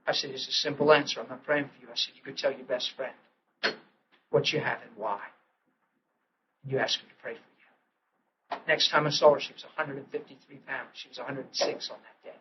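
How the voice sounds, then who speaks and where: A middle-aged man preaching a sermon, telling a story with lively acted-out quotes. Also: mid-range voice. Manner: animated storytelling, acting out quotes, laughing. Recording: dull lo-fi archival audio with faint hiss.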